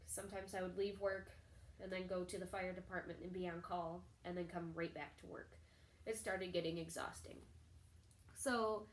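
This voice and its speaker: A young woman talking straight to her camera, telling a personal story in a chatty, animated way and acting out other people's lines. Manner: chatty, animated, acts out quoted people in a higher voice. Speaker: vlogger. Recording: echoey room.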